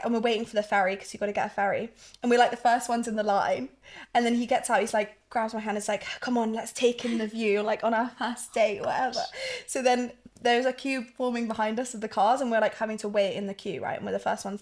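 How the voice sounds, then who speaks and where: Young woman cohosting a podcast, kinda high voice, gushy storytelling chat. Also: fast talker. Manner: gushing, animated storyteller. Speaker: podcast co-host.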